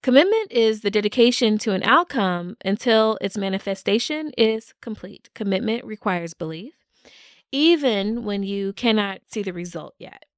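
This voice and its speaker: A woman's voice: mid-range voice, lively intonation, normal speed, clean tone, no echo, studio quality. A woman hosting a solo podcast, talking in an upbeat way and laughing often. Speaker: podcast host.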